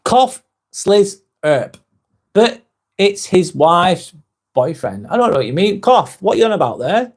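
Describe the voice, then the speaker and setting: A man's voice: high-pitched, sing-song, measured pace, slightly rough. An English man hosting a live vlog, chatting casually, reading out viewer comments, blunt and swearing freely.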